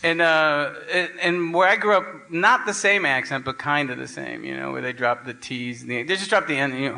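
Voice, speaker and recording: A man's voice: on the high side, normal speed, gravelly, hardly any pauses, bright, forceful tone. A male comedian guest on a live comedy podcast, telling stories with wry asides. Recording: live stage mic with audience noise.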